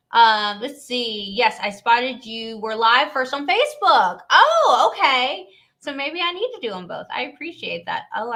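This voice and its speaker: A woman's voice: fairly high pitch, bright, forceful tone. A woman from Louisiana, hosting a casual live stream and chatting in a rambling way, laughing often.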